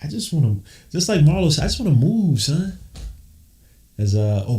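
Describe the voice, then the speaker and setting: A man calling a basketball game live, switching between low muttered play-by-play and hyped, slangy shouting. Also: lively intonation, normal speed, recorded from a distance. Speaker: podcast host doing live game commentary. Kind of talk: excited watch-along play-by-play. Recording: roomy echo.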